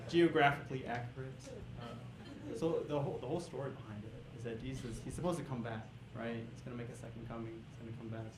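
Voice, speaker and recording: A male stand-up comedian doing a loose, conversational set on a comedy club stage, chuckling and breaking into shouted bursts at the crowd. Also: medium pitch, brisk. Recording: echoey club room with crowd noise.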